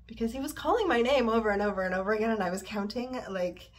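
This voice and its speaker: A woman from Montreal chats casually from her bed, wandering off topic in a confessional way. Her voice sits a little high, and a faint hiss runs underneath. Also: quick pace. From Montreal, Canada. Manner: rambling, digressive, confessional. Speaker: yoga and stretching vlogger. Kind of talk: casual personal vlog chat. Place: her bedroom, sitting on the bed.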